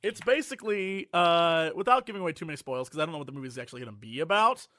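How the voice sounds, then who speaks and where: A man with a high, very lively voice, co-hosting a podcast in casual chat. He talks in an animated way and keeps slipping into mocking voices. The sound is dry and close. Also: very fast, dry recording. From United States. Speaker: podcast co-host.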